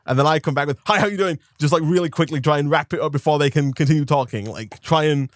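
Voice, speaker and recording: A young man ranting about a pet peeve in casual banter, animated and mock-outraged. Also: on the high side, fast, dry recording, clean studio sound. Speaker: co-host.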